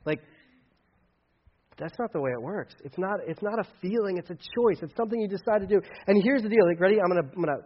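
Male pastor, slightly high voice, casual sermon, animated dialogue, lo-fi. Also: fast talker, husky. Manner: conversational, acts out dialogue with big swings in pitch and loudness.

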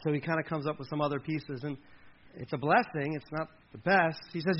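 A man's voice: on the high side, fairly even intonation, quick pace. A man preaching a sermon, reading scripture aloud with dramatic emphasis and breaking in with side comments. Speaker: pastor. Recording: muffled lo-fi recording.

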